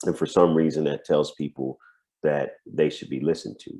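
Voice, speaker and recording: A man's voice: rumbling low, fairly even intonation, moderate pace, mellow. A man, a coach, chatting casually over a video call, musing and laughing between points. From United States.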